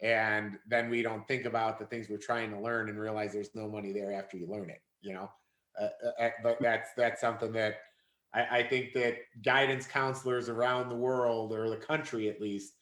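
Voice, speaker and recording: A man's voice: fairly low pitch, flat delivery, moderate pace, a bit bright. A man with a Chicago accent hosting an interview, chatty and effusive, often restarting his sentences. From Northern Illinois, USA. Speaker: podcast host. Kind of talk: casual conversational interview. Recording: echoey room.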